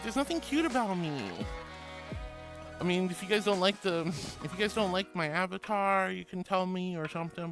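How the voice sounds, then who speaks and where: A man's voice: sits high, expressive, moderate pace. A man streaming as a VTuber, chatting casually and affectionately while reading viewer messages aloud. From Florida. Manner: gushing and affectionate, calls viewers sweetie. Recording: music playing behind the voice.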